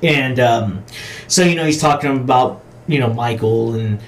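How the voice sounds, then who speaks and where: A man co-hosting a podcast, talking casually about horror movies, swearing a lot and acting out scenes with sudden shouts. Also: medium pitch, moderate pace, a little hiss or hum. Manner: profane, animated storytelling with acted-out shouts. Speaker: podcast co-host.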